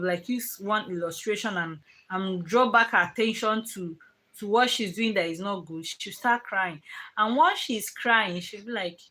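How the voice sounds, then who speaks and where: A woman's voice: medium pitch, bright, forceful tone, poor audio. A young mother chatting casually on a live stream about parenting. She rambles and restarts, with plenty of fillers, and breaks off now and then to scold her children. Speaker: parenting vlogger.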